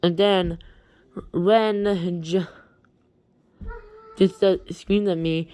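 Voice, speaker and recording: A woman casually retelling a strange story, halting often and restarting her sentences. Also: fairly low pitch, fairly even intonation, darkish tone, clean tone. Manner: halting, with many restarts and repeated words.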